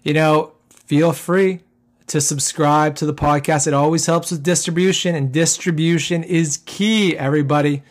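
A man's voice: a little high, fairly even intonation, moderate pace. A man hosting a casual solo podcast, rambling with lots of fillers and tag questions, his voice getting worn. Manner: rambling, filler-heavy, keeps tagging "okay?". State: losing his voice. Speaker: podcast host.

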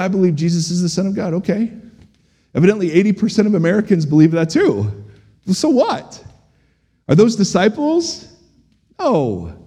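A middle-aged man preaching a sermon as a pastor, animated and humorous, asking the congregation questions. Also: high-pitched, slightly rough. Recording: long hall reverb.

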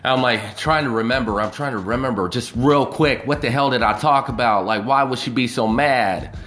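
A man's voice: mid-range voice, moderate pace, fairly bright tone. A man talking casually on a live video, rambling and swearing freely as he tells a story. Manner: profane, loose and rambling.

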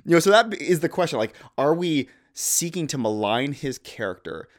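A man's voice: fairly high pitch, very animated, normal speed. Earnest man discussing Scripture. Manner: earnest, thoughtful, quotes Scripture aloud. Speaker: podcast co-host, father. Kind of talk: casual theological discussion.

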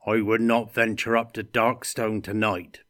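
A man's voice: lowish voice, little pitch movement, unhurried, a bit bright, dry recording, studio quality. A man reading a story aloud and voicing a nervous, cautious male peddler who speaks warily. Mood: wary.

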